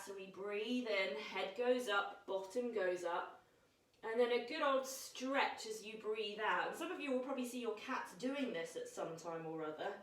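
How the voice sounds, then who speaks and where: A woman leading a children's yoga lesson, gentle and encouraging, telling a playful story as she guides the moves. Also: medium pitch, roomy sound, distant mic, rough recording.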